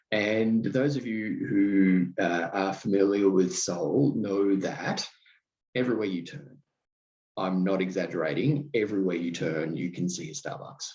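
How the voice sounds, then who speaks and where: Slow, low-voiced Australian man. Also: a little mellow, reverberant, lo-fi sound. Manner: thoughtful, unhurried storytelling. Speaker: podcast host. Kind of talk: reflective solo podcast talk.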